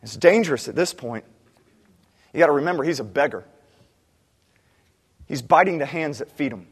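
A man preaching a sermon as pastor, animated, acting out cries of the people he describes. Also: a little high, moderate pace, slightly rough, in a large hall.

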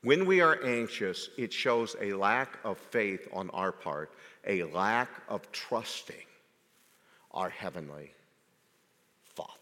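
Pastor, male, slow deliberate sermon delivery with emphatic questions, long hall reverb. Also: lowish voice, lively intonation, bright, forceful tone. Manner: measured delivery, rising to emphatic rhetorical questions.

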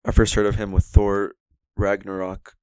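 Smooth-voiced man chatting about movies. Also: on the low side, completely flat delivery, moderate pace, a little mellow, dry recording. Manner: enthusiastic, rambling, quotes scenes in put-on voices. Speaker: podcast co-host. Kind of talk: casual movie chat.

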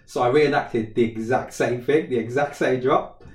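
A man's voice: mid-range voice, normal speed. A man, chatting casually and acting out a story, laughing often. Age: 30s. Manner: animated storyteller, laughs often, acts out quotes. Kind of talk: casual chat. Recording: roomy sound, mic a bit distant.

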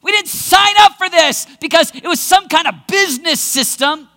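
A male preacher giving a dramatic sermon, acting out scenes and bursting into shouts, in a large hall with long reverb. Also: extremely high pitch, expressive, moderate pace.

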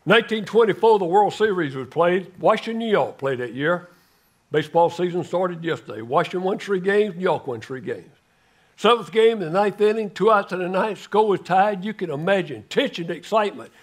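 Dramatic older male preacher, high voice. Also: lively intonation, a little fast. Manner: dramatic storytelling, swinging from loud to hushed. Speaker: guest preacher. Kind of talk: sermon.

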